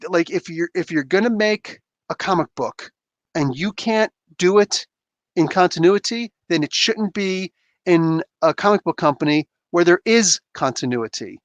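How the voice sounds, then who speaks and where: A comic book reviewer hosts a livestream, his voice sitting high with a fairly bright tone and no echo. He's emphatic and rambling, bantering casually with fans.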